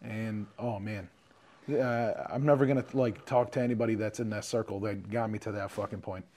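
A man's voice: on the low side, fairly even intonation, brisk, darkish tone. A man from Jordan co-hosting a casual podcast, talking in a hesitant, reflective way with many fillers. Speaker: podcast co-host. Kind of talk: casual chat.

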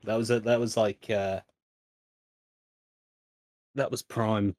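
A man co-hosting a podcast in casual chat, relaxed and swearing freely. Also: fairly low pitch, slow pace, no room sound. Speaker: podcast co-host.

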